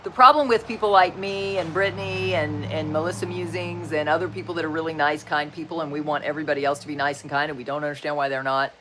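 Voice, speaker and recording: A woman's voice: deep voice, steady tone, fast, hardly any pauses, sharp tone, a little hiss or hum. A woman in her sixties hosting a casual livestream chat, chatty and folksy, telling corny jokes with an upbeat manner. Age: 60s. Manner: chatty and folksy, often saying "just saying". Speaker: livestream host.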